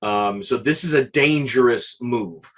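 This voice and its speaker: A man co-hosting a sports talk show, chatting casually and arguing his opinions with conviction. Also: mid-range voice. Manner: opinionated, quick to argue his points.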